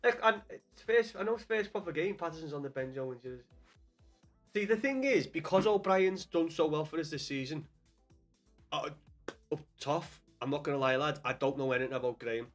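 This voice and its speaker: A man's voice: on the high side, a little fast, soft background music. A young man with a Scouse accent chatting casually on a live stream about football, swearing often and calling viewers lad. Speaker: livestream host.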